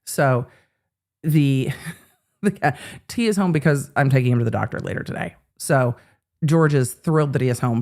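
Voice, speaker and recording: A woman's voice: extremely low pitch, normal speed, a little mellow. A woman hosting casual legal commentary in a wry, sarcastic way.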